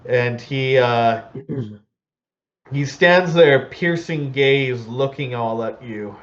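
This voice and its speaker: A man narrating a tabletop game as game master in a relaxed way, with many fillers. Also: medium pitch, very slow, highs cut off.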